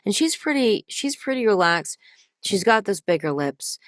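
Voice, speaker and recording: A woman's voice: medium pitch, sing-song, moderate pace, no room sound, studio quality. Woman voice actor chatting animatedly. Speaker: voice actor guest. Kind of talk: casual interview chat.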